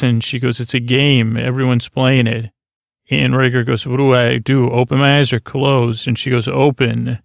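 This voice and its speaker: Gravelly, flat-voiced man rambling a recap. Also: medium pitch, dry recording. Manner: meandering, filler-heavy, halting. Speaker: podcast host. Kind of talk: drowsy, rambling episode recap.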